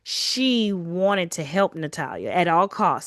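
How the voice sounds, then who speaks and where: In a lowish, unhurried voice, a woman co-hosting a podcast chats through a story recap, bringing quoted lines to life in an animated way. The sound is clean studio audio with no echo.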